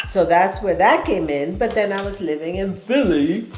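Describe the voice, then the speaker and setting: A woman's voice: medium pitch, animated, a little mellow. A woman from Panama, hosting a casual kitchen-table chat, speaking in a reflective way and often restarting her sentences. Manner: slow, reflective, stops to restart. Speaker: host. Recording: echoey room with faint music.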